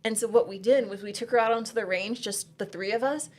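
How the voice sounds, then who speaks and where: A woman's voice: medium pitch, quick pace. A woman who leads a women's shooting program, telling stories in a chatty, upbeat podcast conversation full of "like".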